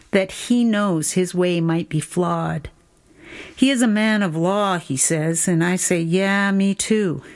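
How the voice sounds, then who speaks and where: Low-voiced woman reading a spoken poem. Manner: measured, deliberate storytelling delivery. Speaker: poet. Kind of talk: spoken word poetry reading.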